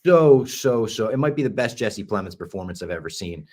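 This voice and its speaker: A man hosting a podcast, chatting casually and enthusiastically, sometimes dropping to a hush for asides. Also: fairly low pitch, expressive, a little fast, a little hiss or hum. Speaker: podcast host.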